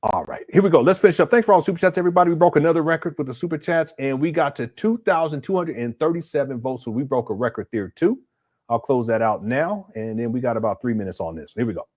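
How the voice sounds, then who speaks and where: A man hosts a casual live stream, talking at an average pitch in a loose, off-the-cuff way. He stammers, repeats words and restarts sentences. He reads viewer comments out and riffs on them. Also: lively intonation, fast, darkish tone. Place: home setup.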